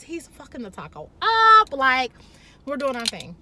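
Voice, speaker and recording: Bright, brash woman vlogger. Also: on the high side, normal speed, slight background noise. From Chicago. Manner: blunt, profane, animated. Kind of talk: candid storytelling to camera.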